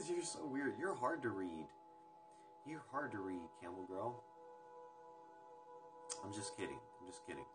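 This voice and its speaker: Indoors at home, a young man livestreams on his phone while music plays behind him. He talks a little slowly with frequent pauses, his fairly low voice swinging widely in pitch, as he rambles loosely from topic to topic with viewers and lets the occasional swear word slip.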